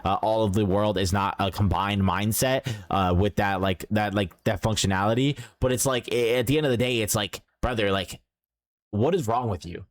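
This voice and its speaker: A young man chatting casually as a reaction streamer, rambling with lots of filler words and breaking into animated voices. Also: lowish voice, moderate pace. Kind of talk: casual chat.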